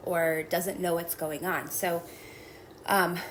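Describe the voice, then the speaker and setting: Woman guest, calm and measured, reflective, explaining coping steps, faint background noise. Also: on the low side, poor audio. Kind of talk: explaining a self-help technique.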